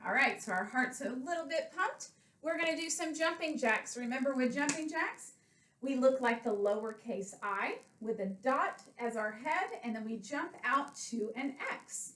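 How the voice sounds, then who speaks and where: A woman who coaches elementary PE leads kids through a home workout, counting reps out loud and explaining things simply while slightly winded. Her high voice is fairly bright with lively intonation at a normal pace. A webcam across the room gives a roomy, distant sound with a bit of background noise.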